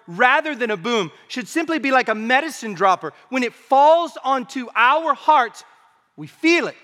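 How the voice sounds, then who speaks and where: A man preaching a sermon as pastor, swinging from quiet asides to emphatic rising phrases, with an occasional cough. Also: high-pitched. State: coughing now and then. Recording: long hall reverb.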